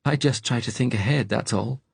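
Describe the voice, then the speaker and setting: A man voicing a shy, hesitant young man who speaks softly in an audiobook. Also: medium pitch, brisk, creaky, husky, no room sound, pitched above the performer's own voice. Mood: mild.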